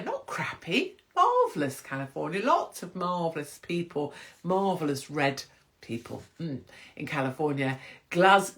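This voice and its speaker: A woman hosting a casual livestream chat, cheeky and self-mocking, laughing often. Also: fairly low pitch. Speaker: livestream host.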